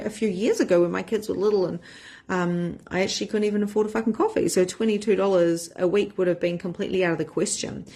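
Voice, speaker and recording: Husky lady coach, casual live chat, blunt and animated. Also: mid-range voice. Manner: frank and animated, with casual swearing. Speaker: spiritual empowerment coach. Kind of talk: casual live-stream talk to members.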